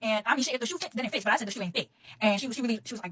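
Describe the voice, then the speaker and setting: A young woman telling a heated, profane storytime straight to her phone camera, talking casually and fast. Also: fairly high pitch, animated, a bit bright, husky, poor audio.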